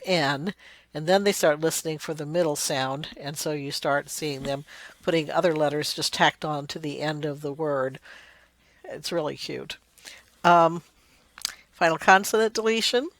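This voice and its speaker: A woman lecturer explaining spelling development, sounding out words slowly to demonstrate. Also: sits low, no room sound. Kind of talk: recorded lecture.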